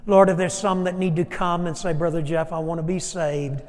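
A man's voice: fairly high pitch, steady tone, normal speed, darkish tone, in a large hall. A man who is a pastor, preaching a sermon and leading an altar call, speaking earnestly and addressing his congregation directly. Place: church sanctuary.

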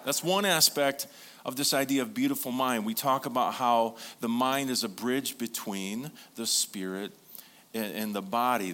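Male pastor, mid-pitched, animated storyteller, asks the room for amens. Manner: lively storytelling with congregation call-and-response. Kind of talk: sermon.

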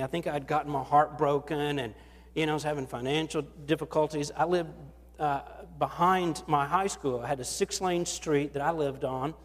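A man preaching a sermon as pastor, talking conversationally, acting out quotes and often restarting his phrases. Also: fairly high pitch. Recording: long reverb of a large hall.

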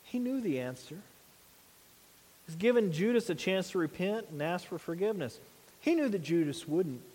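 A man's voice: sits high, darkish tone, long reverb tail. A man preaching a sermon in an earnest, conversational way, asking his listeners rhetorical questions. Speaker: pastor.

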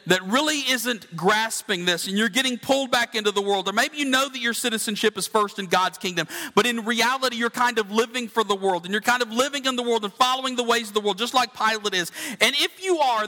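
A man's voice: sits high, pushed and bright, long reverb tail. A man preaching a sermon as pastor, earnest and conversational, often asking his listeners direct questions.

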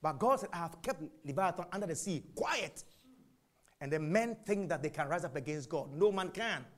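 A man preaching a sermon, asking and answering his own questions, jumping from shouts to whispers. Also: a little high, normal speed. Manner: animated, swings from shouts to whispers.

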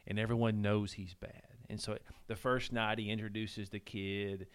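Halting storytelling man. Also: fairly low pitch, clear, resonant tone. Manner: animated storyteller with halting restarts. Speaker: podcast host. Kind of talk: casual chat, storytelling.

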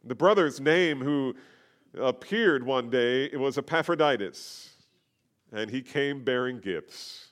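A middle-aged man preaching a sermon as a pastor, explaining a letter verse by verse, rising for emphasis and dropping quiet. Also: medium pitch, lively intonation, slow. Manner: expository preaching, rises in emphasis then drops quiet.

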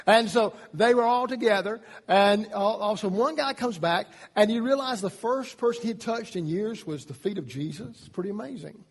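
A man preaching a sermon, emphatic, his voice rising in pitch and loudness on key points. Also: moderate pace, few pauses, in a large hall. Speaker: pastor.

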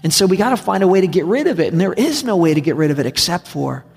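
A man's voice: sits high, big pitch swings, fast, creaky, darkish tone, breathy edge, faint music behind. A man preaching a sermon as a pastor, conversational and emphatic, often repeating his points. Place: church sanctuary. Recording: long hall reverb.

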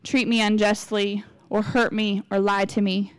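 A woman's voice: medium pitch, flat delivery, a little slow, smooth, no room sound. A woman in her forties giving a casual, candid sermon in church, chatty and confessional, acting out what people say. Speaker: lay preacher.

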